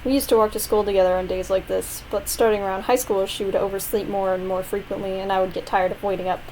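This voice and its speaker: A woman's voice: mid-range voice, flat delivery, fast, darkish tone, a little hiss or hum, natural voice, low-quality recording. Lazy, dismissive schoolboy read by a woman. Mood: dry. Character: dry, lazy teenage schoolboy narrator. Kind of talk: reading game narration aloud.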